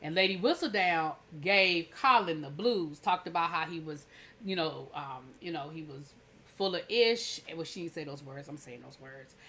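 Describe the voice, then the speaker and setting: A woman's voice: low-pitched, lively intonation, moderate pace, pushed and bright, a little hiss or hum. A woman hosting a TV review channel, recapping an episode in a chatty, rambling way with many fillers and restarts.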